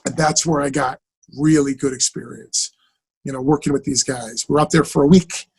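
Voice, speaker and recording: A man, an actor guest on an interview, telling stories in an animated, casual way and acting out the dialogue. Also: mid-range voice, normal speed, creaky, slight background noise. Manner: animated, acts out quoted dialogue.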